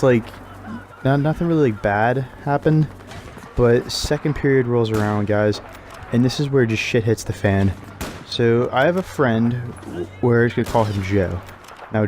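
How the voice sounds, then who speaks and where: A man's voice: medium pitch, a little mellow, a little hiss or hum. A young man telling a casual storytime vlog story, rambling with lots of fillers and swearing. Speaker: channel member telling a story.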